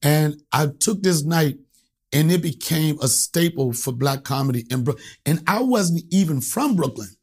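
A stand-up comedian from Alexandria, Virginia, telling profane stories as a guest and acting out the voices in them. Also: male voice, a little high, lively intonation, moderate pace, darkish tone, slightly rough. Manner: profane, acts out voices in anecdotes. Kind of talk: animated storytelling.

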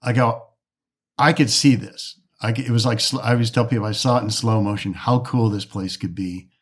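A man's voice: on the low side, steady tone, fast, slightly rough. A man from the Detroit area, a golf course architect, telling stories in a casual interview, often restarting and acting out quoted dialogue.

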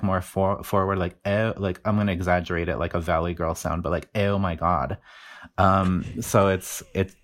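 A man from the Mountain West explaining his research in a casual interview, with many fillers and restarts. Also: sits low. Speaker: linguistics researcher guest.

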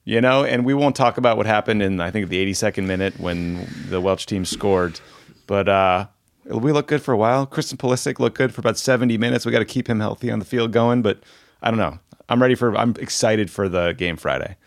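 A man co-hosting a casual podcast, relaxed and agreeable as he chats. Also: lowish voice, brisk, creaky. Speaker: podcast co-host.

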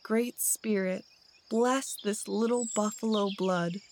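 A woman's voice: mid-range voice, steady tone, slow, slight background noise. A woman voicing an old male badger, a humble and hungry father who speaks in a pleading, prayerful way, in a storybook tale. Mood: earnest.

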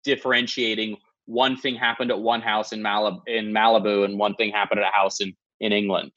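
A man's voice: on the low side, flat delivery, brisk, a bit bright, lo-fi sound. A man chatting as a podcast guest, telling stories in a loose, rambling way. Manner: rambling, loose storytelling with many fillers. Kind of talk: casual chat.

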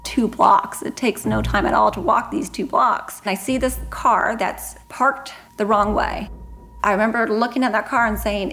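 A woman tells a frightening personal story with earnest urgency. Her voice sits at an ordinary middle pitch. Music plays clearly underneath her. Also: fairly even intonation, moderate pace, fairly bright tone. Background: background music.

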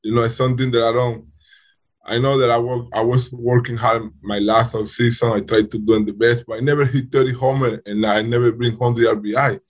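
Husky man in halting second-language English. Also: mid-range voice, level tone. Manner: halting non-native English with frequent restarts. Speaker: baseball player guest. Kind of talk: casual interview talk.

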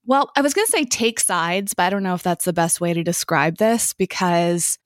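A woman's voice: on the low side, animated, normal speed, dry recording, clean studio sound. A woman co-hosting a podcast, talking in a chatty, casual way and laughing now and then. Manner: chatty, laughs often, self-described organized type A. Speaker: podcast co-host.

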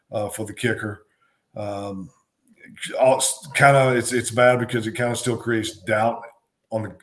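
Low-voiced former coach, emphatic and repetitive. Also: male voice. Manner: emphatic, repeats phrases for stress. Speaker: co-host, former football coach. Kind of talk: casual sports talk.

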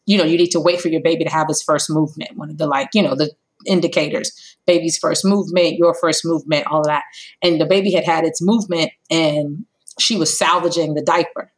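A woman's voice: a little fast, low-quality recording. A woman in her thirties, a company co-founder telling her story in a podcast interview, acting out bits of dialogue as she goes. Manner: animated storyteller, acts out dialogue with big pitch jumps.

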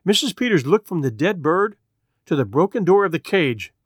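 Expressive man reading a story aloud. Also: high-pitched, slightly rough, no room sound, clean studio sound. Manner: measured, expressive narration. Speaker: narrator.

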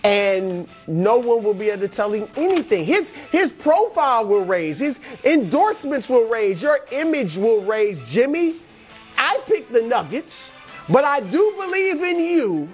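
Animated man hyping players on a sports show. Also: very high-pitched, unhurried, soft background music. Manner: animated, hyped motivational delivery addressed to players. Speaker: co-host. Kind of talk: sports talk show segment.

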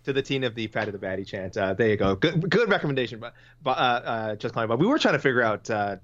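A chatty man co-hosting a podcast, rambling through listener picks with a lively, swinging delivery. His voice sits at a middling pitch. The audio sounds a little dull and muffled. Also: fast talker. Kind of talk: casual chat.

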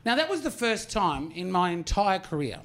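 A man's voice: high-pitched, big pitch swings, normal speed, fairly bright tone. An Australian man in his forties doing a stand-up comedy routine, telling a story loosely, swearing and throwing asides to the audience. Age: 40s.

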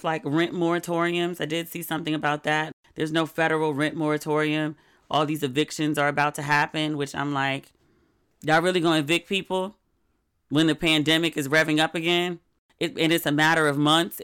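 A middle-aged woman hosting a podcast, chatting casually in a candid, wry, animated way. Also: sits low, smooth. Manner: candid, wry and animated, with sudden quoted outbursts. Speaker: podcast host. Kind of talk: casual solo podcast chat.

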